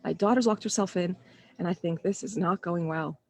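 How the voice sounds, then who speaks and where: A woman's voice: fairly low pitch, a little fast, darkish tone, a little hiss or hum. A woman, maybe in her thirties, talking earnestly and conversationally to parents in a live online session, often restarting her sentences and acting out her own inner thoughts. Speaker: parenting coach.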